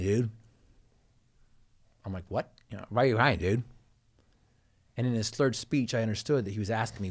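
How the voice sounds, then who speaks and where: A man, a motivational speaker, telling a personal story in an earnest, emotional way with dramatic pauses. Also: mid-range voice.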